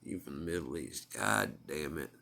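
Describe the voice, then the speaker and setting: A man's voice: very deep voice, lively intonation, normal speed, creaky, sharp tone, voice pushed down, heavily acted. A man voicing Jesus as a folksy Southern country man, talking in a homespun drawl with a put-on Southern US accent. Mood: exasperated.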